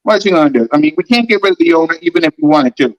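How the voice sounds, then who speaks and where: A man's voice: on the high side, lively intonation, racing, lo-fi sound. A man hosting a fan sports talk show, ranting in a heated, mocking way and repeating lines for emphasis.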